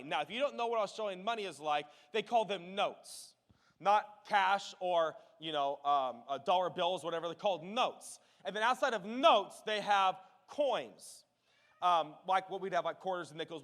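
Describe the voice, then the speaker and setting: A man in his thirties from the United States, preaching a sermon and telling stories with animated, emphatic delivery. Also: high-pitched. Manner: animated storytelling, rising loud for emphasis. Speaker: pastor. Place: church sanctuary. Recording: long hall reverb with faint music.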